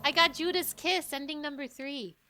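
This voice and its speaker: A woman's voice: high voice, moderate pace, pushed and bright, a little hiss or hum. A woman streaming a game, chatting playfully with her viewers and giggling often. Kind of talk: casual gaming commentary. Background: game music.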